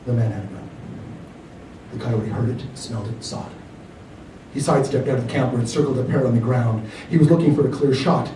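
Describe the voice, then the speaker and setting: A man reads his own fiction aloud in a mellow, warm tone, measured and expressive. The sound is roomy, with echo from a library hall. He sits back from the mic, with faint noise behind. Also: mid-range voice, distant mic. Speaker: author reading his work. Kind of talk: live reading of fiction. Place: library reading room.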